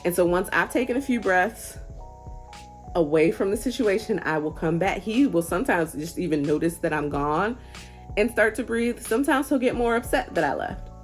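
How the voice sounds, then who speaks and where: A young adult woman giving casual parenting advice to camera in an earnest, gently encouraging, conversational way. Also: mid-range voice, lively intonation, moderate pace, faint music behind. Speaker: parenting vlogger.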